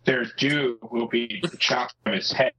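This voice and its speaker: A man's voice: medium pitch, fairly even intonation, a little slow, pushed and bright, slightly rough. A man co-hosting a casual podcast chat, ranting dramatically and swearing freely, on a dull lo-fi mic.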